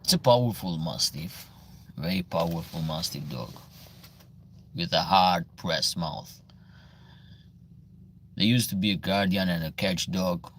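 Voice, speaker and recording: Gravelly low-voiced Albanian man. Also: a bit bright, slight background noise. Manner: reads viewer comments aloud and answers in halting, broken English. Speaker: livestream host answering viewer questions. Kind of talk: casual livestream Q&A.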